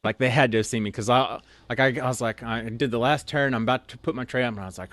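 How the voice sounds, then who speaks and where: A man recounts anecdotes in a relaxed, meandering way, constantly reaching for "like" and "you know." His voice sits at an ordinary middle pitch. The recording is close and dry. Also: brisk, few pauses, no room sound. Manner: rambling, heavy use of "like" and "you know". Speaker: storyteller guest. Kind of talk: casual anecdotal storytelling.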